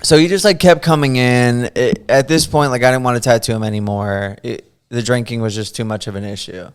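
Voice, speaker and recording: Young podcast host at mid pitch, casual storyteller, acts out quotes, breaks into laughs. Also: male voice, steady tone, brisk, clean tone.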